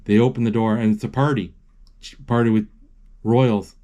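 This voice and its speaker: A man casually retelling a film as he watches it, halting often with restarts and fillers. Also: fairly low pitch, steady tone, dark tone. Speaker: amateur narrator retelling a film.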